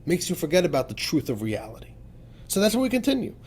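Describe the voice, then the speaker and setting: A male rabbi leads a class on a sacred text with a higher-pitched voice. He talks emphatically, dropping to hushed asides and then surging into fervent, urgent stretches. His delivery swoops widely up and down. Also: wildly swooping pitch, fast, breathy edge. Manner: emphatic, swings between quiet asides and fervent outbursts. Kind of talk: animated religious lesson.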